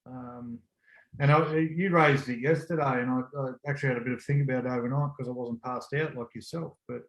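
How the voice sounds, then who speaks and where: An Australian man speaks bluntly and bluntly teases the others in a relaxed podcast conversation. He has an ordinary middle-pitched voice. The room gives his voice a clear echo. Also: a little fast. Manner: blunt, banters and says "mate". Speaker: podcast co-host. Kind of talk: casual chat. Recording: echoey room.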